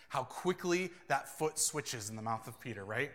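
A man preaching a sermon as pastor, earnest and animated, acting out quoted lines and laughing now and then. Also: medium pitch, moderate pace, few pauses.

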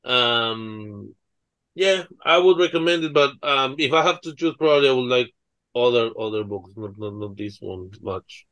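A man's voice: medium pitch, lively intonation, moderate pace, fairly bright tone, dry recording. A man co-hosting a book podcast, speaking hesitantly with many ums and repeated words. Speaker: podcast co-host. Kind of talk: casual chat.

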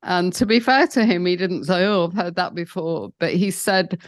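A woman's voice: fairly low pitch, moderate pace, hardly any pauses, dry recording, clean studio sound. A British woman in her sixties telling her own story in an interview, candid and wry, with frequent "you know" fillers. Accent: British English. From Britain. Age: 60s. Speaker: guest.

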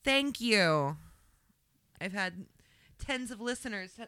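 Animated, bright-voiced joking woman. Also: mid-range voice, slow, smooth, dry recording. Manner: playful, jokey, crude banter. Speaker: podcast co-host. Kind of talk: casual chat.

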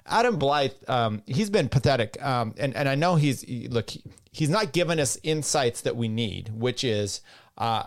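A man's voice: mid-range voice, animated, moderate pace. A middle-aged man hosting a cycling podcast, rambling bluntly in casual solo commentary and reading listener comments aloud.

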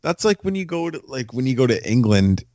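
A man's voice: mid-range voice, big pitch swings, a little fast, mellow, no room sound, clean studio sound. A man co-hosting a podcast, chatting casually and swearing often, giving loose sports betting picks. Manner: profane, laid-back banter with sports betting picks. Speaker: podcast co-host. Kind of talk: casual chat.

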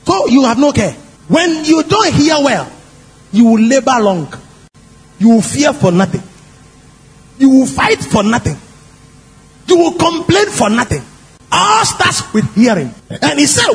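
A male preacher with a very high voice and a lively, swooping delivery. He stresses his points and keeps asking the congregation questions. A long hall echo trails each phrase, with faint music underneath. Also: moderate pace, breathy edge. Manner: animated and emphatic, asks the congregation questions. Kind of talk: sermon.

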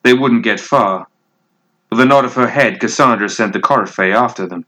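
A man reading a piece of fiction aloud as narrator, in a measured, deliberate way. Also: medium pitch, bright, forceful tone.

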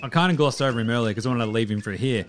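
A man's voice: medium pitch, very fast, over music. A man hosting a basketball show in casual solo commentary, loose and chatty, with the odd swear word. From Australia. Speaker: basketball podcast host.

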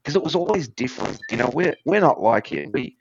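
A former musician appears as a podcast guest, telling stories in a casual, rambling, self-deprecating way and acting out voices as he goes. His voice is on the high side with lively intonation, vocal fry and a slightly fast pace, in a muffled recording with a noisy background.

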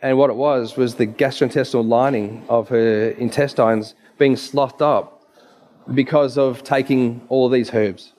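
A man's voice: mid-range voice, fairly even intonation, a little slow, a little mellow. A man, a naturopath giving an emphatic, story-filled presentation with slides.

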